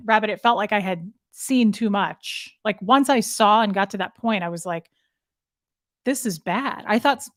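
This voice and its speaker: Candid woman guest, halting retelling. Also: mid-range voice, dry recording, studio quality. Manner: candid, emotional, halting with frequent restarts. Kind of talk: conversational interview storytelling.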